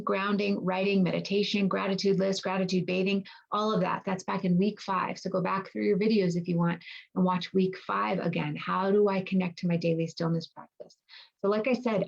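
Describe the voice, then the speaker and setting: A woman's voice: medium pitch, gravelly, a little mellow, lo-fi sound. A woman wellness coach talking casually to her group, reassuring and thinking aloud, often checking in with "right?". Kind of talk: casual online coaching talk.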